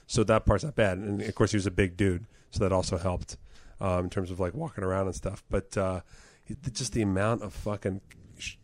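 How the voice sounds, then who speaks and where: A man co-hosts a comedy podcast in a rambling, profane chat. His voice is low and fast and trails off at line ends. The recording is close and dry. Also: fairly even intonation, no echo. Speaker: podcast co-host.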